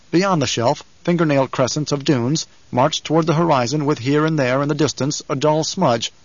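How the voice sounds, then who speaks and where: Man narrating an audiobook, slightly high. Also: no room sound, highs cut off. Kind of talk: scripted narration.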